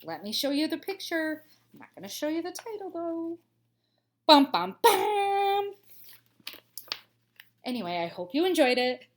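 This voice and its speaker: A woman teacher reading a children's storybook aloud with clear, expressive storytelling and playful asides. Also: high voice, fairly quick.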